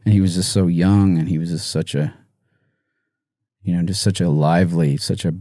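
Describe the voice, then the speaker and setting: Low, mellow man, guest in an interview, halting and close to tears, dry sound. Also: steady tone, no echo. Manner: halting, soft-spoken, many pauses and restarts. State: emotional, near tears. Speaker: musician guest. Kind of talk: emotional interview storytelling.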